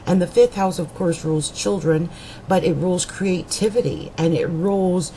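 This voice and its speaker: A woman's voice: lowish voice, moderate pace, dark tone, a little hiss or hum, poor audio. A woman astrologer giving a monthly horoscope reading in a chatty, meandering way, with frequent fillers and restarts.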